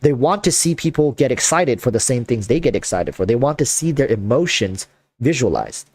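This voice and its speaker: A man hosting a casual chat, talking in an animated, rambling way with lots of fillers. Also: mid-range voice, normal speed. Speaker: content creator and host.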